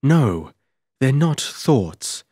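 A man's voice: on the low side, a little slow, no echo, studio quality. A man voicing an uneasy young woman haunted by dread, speaking anxiously and hesitantly in an audiobook.

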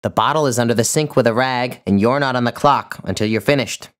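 A man voicing an imperious, theatrical older woman who barks orders in a shrill, commanding voice. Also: big pitch swings, normal speed, darkish tone. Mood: scolding. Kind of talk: audiobook character voice.

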